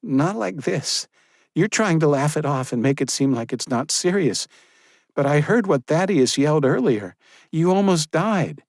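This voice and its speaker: A man voicing a fierce, caring young woman medic in an audiobook, raising his voice higher for her. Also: expressive, measured pace, a little mellow, dry recording, clean studio sound. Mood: upset. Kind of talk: audiobook character reading.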